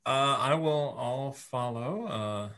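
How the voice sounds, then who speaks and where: A man's voice: medium pitch, slow pace, a crowd in the background. A man playing his character in a tabletop horror game, flustered and apologetic. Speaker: player.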